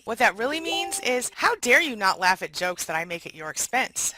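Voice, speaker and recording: A woman's voice: on the high side, very animated, normal speed, hardly any pauses, pushed and bright, rough recording. A woman host giving a casual countdown talk, switching into sarcastic, mock-indignant first-person lines. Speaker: relationship coach and video host.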